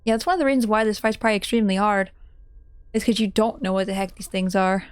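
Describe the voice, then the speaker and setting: A young woman streaming a video game live, reacting out loud with giggles and emotional comments. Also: medium pitch, steady tone, fast talker, clear, resonant tone, no room sound. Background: faint game music.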